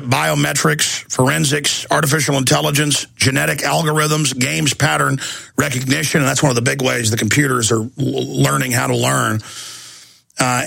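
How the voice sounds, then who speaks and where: A man's voice: mid-range voice, fairly even intonation, moderate pace, creaky, bright, forceful tone, dry recording. A man hosting a talk radio show, delivering an intense, combative monologue.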